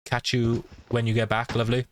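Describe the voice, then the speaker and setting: A man's voice: mid-range voice, monotone, fairly quick, very noisy. A man streaming a game from his room, chatting and greeting viewers by name. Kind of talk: livestream gameplay chat. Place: home room. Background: game music.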